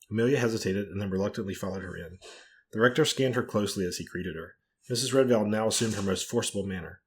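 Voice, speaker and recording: A man, a podcast co-host, reading a ghost story aloud in a measured, quiet way. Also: on the low side.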